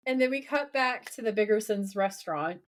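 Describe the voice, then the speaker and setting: A woman co-hosting a podcast in casual chat, recapping a TV episode with lively, laughing quotes of the characters. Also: medium pitch, a little fast. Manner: animated, laughing, quoting characters in playful voices.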